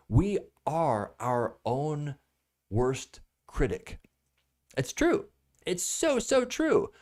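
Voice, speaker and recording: A man's voice: medium pitch, darkish tone. A man hosting a live broadcast as a product reviewer, chatting casually and laughing at his own jokes. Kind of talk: casual live-stream chat.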